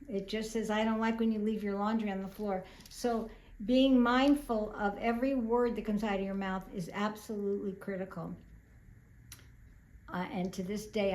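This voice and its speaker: A woman's voice: medium pitch, a little mellow. A woman of older years hosting a self-help talk, telling stories in an earnest, reflective way with small fillers. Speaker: host. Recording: roomy echo.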